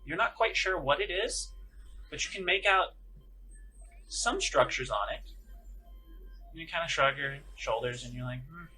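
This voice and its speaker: A man's voice: fairly high pitch, expressive, unhurried, long pauses, sharp tone, faint music behind, low-quality recording. A man narrating as game master of a tabletop game, in a casual, rambling way with many fillers.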